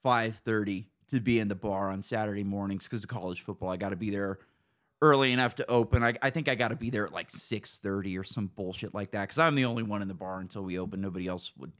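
A man hosting a podcast, telling stories in a casual, animated and profane way. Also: fairly low pitch, fast talker. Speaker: podcast host. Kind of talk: casual storytelling chat.

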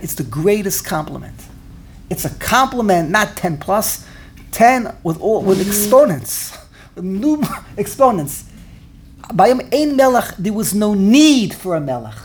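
Gravelly man lecturing, stammering repeats. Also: high-pitched, slight background noise. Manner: animated, repeats words while searching for phrasing. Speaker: Torah teacher. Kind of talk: classroom Torah lecture.

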